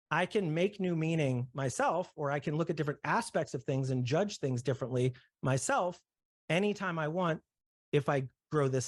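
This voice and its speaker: Brief: male presenter, explanatory, higher-pitched, dry close mic, frequent check-in questions. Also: no room sound. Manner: checks in often with "right?" and "okay?", builds everyday examples. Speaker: session presenter. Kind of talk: explanatory talk to a discussion group.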